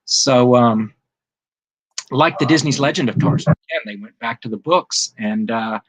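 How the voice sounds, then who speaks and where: A man's voice: mid-range voice, measured pace, fairly bright tone. A man speaking as the guest author in an interview, in an earnest and thoughtful way. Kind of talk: interview conversation.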